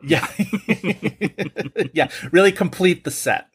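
A man's voice: fairly high pitch, slow pace, a bit bright, breathy edge. A man hosting a podcast, chatting casually and joking, with frequent fillers. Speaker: podcast host.

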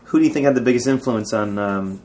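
A man's voice: on the low side, fast talker, darkish tone. A man hosting a casual interview, joking and dropping in quips and follow-up questions. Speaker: podcast host.

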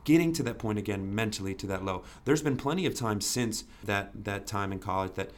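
A man's voice: fairly low pitch, expressive, brisk. A young man, a podcast guest, telling his story in an earnest, candid way, full of "you know" and restarts.

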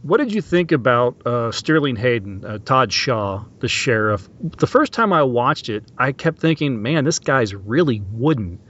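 A man co-hosting a podcast in relaxed film discussion, with "uh" fillers and mimicking actors' lines. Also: mid-range voice, unhurried, dull audio. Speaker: podcast co-host.

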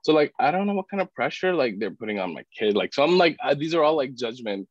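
A man's voice: medium pitch, very animated, fast talker, dry recording. A man telling a personal story as a podcast guest, with many "like" fillers and acting out other people's words. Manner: filler-heavy, frequent "like". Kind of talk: casual storytelling. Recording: dull, dry podcast audio.

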